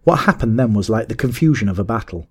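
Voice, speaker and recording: A man narrating a classic adventure story in a measured, steady audiobook reading. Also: on the low side, breathy edge.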